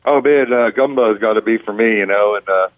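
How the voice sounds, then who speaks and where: A Pittsburgh man who tours as a rock guitarist chats casually in an interview, rambling and relaxed with plenty of fillers. His voice is lowish and brisk, heard over a phone mic on a tinny, dry line with no echo.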